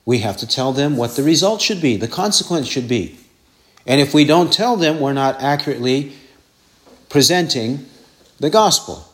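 A man's voice: fairly high pitch, fairly bright tone. A man preaching an expository sermon, repeating verse references and asking rhetorical questions.

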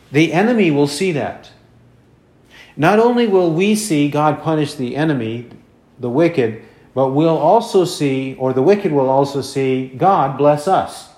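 A male preacher delivering an expository sermon at an unhurried, measured pace. His voice sits a little high for a man, and he circles back to repeat key phrases for weight. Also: a little mellow. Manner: slow, deliberate, repeats phrases for emphasis. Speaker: pastor.

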